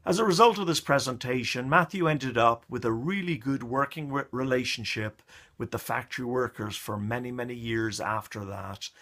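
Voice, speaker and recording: A middle-aged man telling a funny story with a moral in a lively, theatrical way. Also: medium pitch, moderate pace. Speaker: storyteller, communication coach. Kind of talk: motivational story monologue.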